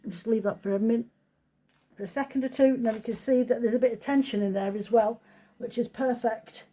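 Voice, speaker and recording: A woman's voice: a little high, fairly even intonation, a little fast, warm tone, poor audio. Chatty woman demonstrating a craft. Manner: chatty, self-deprecating, narrates each step. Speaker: craft shop owner demonstrating. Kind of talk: casual how-to demonstration.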